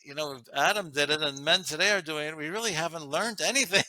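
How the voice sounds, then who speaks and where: A man's voice: a little high, quick pace, bright, forceful tone, no room sound. A man, a guest author, talking earnestly about relationships and laughing often as he makes his points. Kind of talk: casual interview talk.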